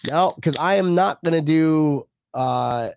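Casting note: excitable male co-host, voice sits a bit high, dry close mic, jokey casual chat. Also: measured pace, clean tone, dry recording. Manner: joking, laughs often, excitable. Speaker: podcast co-host. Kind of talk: casual chat reading viewer comments.

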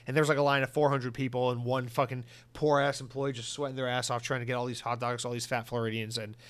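A man's voice: medium pitch, fast talker. Ranting, profane young male podcast host. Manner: rambling, profane, animated rants. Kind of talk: casual podcast monologue reading listener comments.

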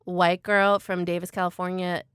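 A woman hosting a studio interview, introducing her guest and asking short, brisk questions. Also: lowish voice, flat delivery, fairly bright tone, smooth, no room sound. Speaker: podcast host. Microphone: studio microphone.

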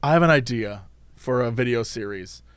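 A man co-hosting a casual podcast chat, animated and playful, mimicking others in quoted voices. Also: medium pitch, moderate pace, clean tone, dry recording. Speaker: podcast co-host.

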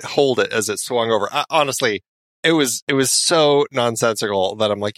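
A man co-hosting a podcast, relaxed in casual film chat, recapping scenes and laughing along. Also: medium pitch, moderate pace, no room sound, clean studio sound. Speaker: podcast co-host.

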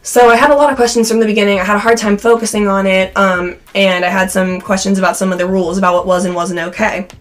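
Speaking quickly with few pauses, a podcast co-host from Cincinnati, USA, a young Midwestern woman, talks in a mid-range voice with fairly even intonation. Her casual chatter is full of "like" fillers, and she's losing her voice.

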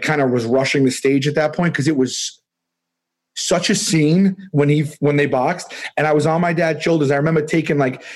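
A man in his forties, a podcast guest, telling a story in a rambling, animated way, with many restarts and laughs. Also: medium pitch. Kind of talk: casual storytelling.

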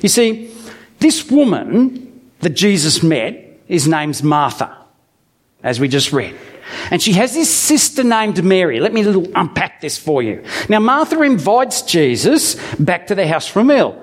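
Animated, high-voiced male preacher. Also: measured pace. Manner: animated storytelling with humorous asides. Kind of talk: conversational sermon with Bible reading.

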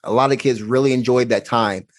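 Man, podcast guest, earnest, reflective, personal storytelling, mid-pitched. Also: fairly even intonation, brisk. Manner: earnest, reflective, acts out quoted dialogue.

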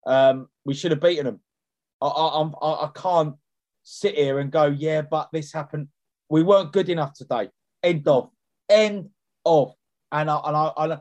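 Guy venting on a football podcast, blunt, slightly high voice. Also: a little mellow. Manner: blunt, heated, repeats himself. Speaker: podcast co-host. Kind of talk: casual football podcast chat.

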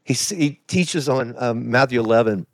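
A man's voice: medium pitch, moderate pace, gravelly, no echo. A middle-aged man, a pastor being interviewed, telling his story in a candid, emotional, confessional way that halts at the hard moments. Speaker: pastor, podcast guest.

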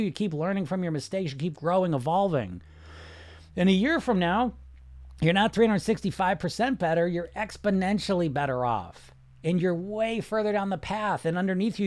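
A man's voice: high-pitched, darkish tone, dry recording. Blunt, profane middle-aged man coaching. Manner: blunt, profane, fires rhetorical questions. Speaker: weight loss coach. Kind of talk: live-streamed podcast monologue.

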